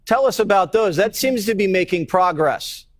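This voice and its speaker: A man's voice: high voice, lively intonation, moderate pace, no room sound, clean studio sound. A man interviewing a guest on TV, wry and joking.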